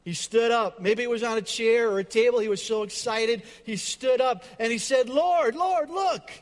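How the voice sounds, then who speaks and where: Emphatic high-voiced male pastor preaching. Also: fairly even intonation, normal speed, in a large hall. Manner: dramatic, emphatic repetition. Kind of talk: sermon. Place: church.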